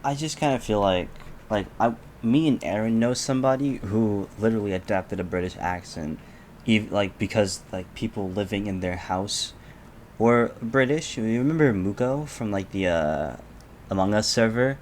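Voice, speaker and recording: Young man, podcast co-host, easygoing casual chat, fairly low voice. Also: normal speed, a little mellow, a little hiss or hum.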